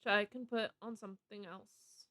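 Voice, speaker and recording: A woman's voice: medium pitch, fairly even intonation, moderate pace, pushed and bright, no room sound, clean studio sound. A woman streaming a card game live, chatting casually and giggling often as she rambles. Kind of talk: casual live gameplay commentary.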